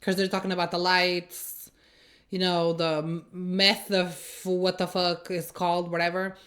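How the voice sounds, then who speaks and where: A woman's voice: on the low side, flat delivery, unhurried, a bit bright. Woman, reaction host, blunt, sarcastic, casual commentary.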